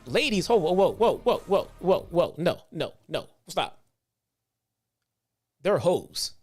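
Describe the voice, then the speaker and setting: A man playing a blunt older commentator, voice pushed up in pitch. He is emphatic and commanding, hammering the same point again and again. Soft music sits underneath. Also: very animated, slow pace, slightly rough, full character voice. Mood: insistent. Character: blunt older male wrestling commentator, insistent.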